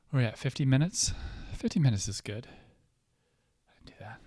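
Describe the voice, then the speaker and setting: A young man hosting his own show, talking casually to camera in a rambling, profane way that swings from loud outbursts to low mumbling. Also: big pitch swings, moderate pace, long pauses, no room sound. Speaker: podcast host. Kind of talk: casual solo talk to camera.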